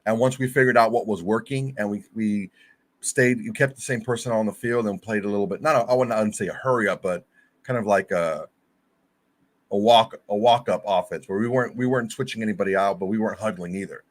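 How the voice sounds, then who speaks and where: A man's voice: lowish voice, fast. A man co-hosting a casual fan sports podcast over a video call, rambling with restarts and fillers. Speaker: podcast co-host.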